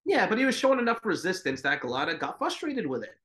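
A man's voice: high voice, big pitch swings, fast, a bit bright. A man co-hosting a boxing podcast, talking in a laid-back, profane way full of filler words. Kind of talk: casual chat.

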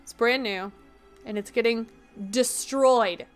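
A woman's voice: a little high, clean tone, faint music behind. A young woman streaming a game, chatting casually and laughing as she riffs on her viewers' jokes. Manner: chatty, giggly, quick to riff on jokes.

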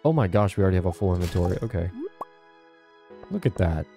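A man's voice: deep voice, expressive, quick pace, dark tone, faint music behind. A young man talking casually to his viewers while playing a farming game at home. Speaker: gaming channel host. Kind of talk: casual gameplay commentary. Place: home, indoors.

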